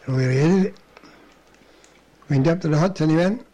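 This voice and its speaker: A man's voice: a little high, moderate pace, warm tone. Elderly man spinning old yarns. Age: older. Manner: rambling anecdotal telling, with chuckles and restarts. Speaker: interviewee. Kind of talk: oral history storytelling.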